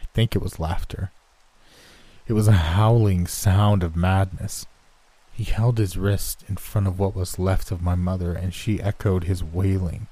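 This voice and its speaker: A man reading a horror story aloud in measured scripted narration. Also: low voice, fairly even intonation, dark tone. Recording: rain and thunder sounds behind.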